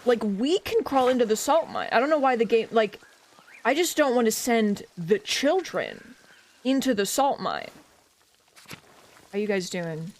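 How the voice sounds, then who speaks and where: A woman's voice: fairly high pitch, lively intonation, a little slow. A young woman streamer joking and chatting as she plays a story game, reading along and talking to the characters. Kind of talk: live gameplay commentary.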